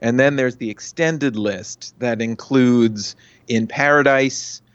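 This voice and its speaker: A man guest on a podcast, telling stories in a casual, animated, rambling way. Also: mid-range voice, slow pace, dry recording. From United States. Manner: animated storyteller, rambling asides. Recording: dry, dull lo-fi mic.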